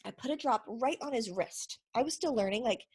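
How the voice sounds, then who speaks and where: A woman's voice: on the high side, animated, brisk, darkish tone, slightly rough. A woman who is a homeschooling mother gives a chatty, casual teaching talk to camera, often checking in with her listeners. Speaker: essential oils presenter.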